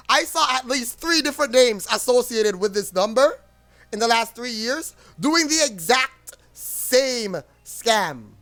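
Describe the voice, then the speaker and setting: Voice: medium pitch, a bit bright. Blunt, rambling streamer ranting. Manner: rambling and blunt, with frequent swearing. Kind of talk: casual livestream rant.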